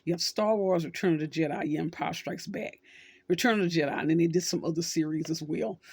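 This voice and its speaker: A woman's voice: fairly low pitch, brisk, a little mellow, husky, dry recording. Middle-aged lady host just chatting, retelling a story, dry close sound. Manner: conversational, storytelling with acted quotes. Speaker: social worker and channel host. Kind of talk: casual talk to camera.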